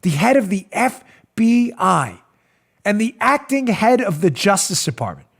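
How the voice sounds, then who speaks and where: A man hosting a political talk show, speaking in a sarcastic, animated, mocking manner from a studio. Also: high-pitched, a little slow, vocal fry, husky. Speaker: host.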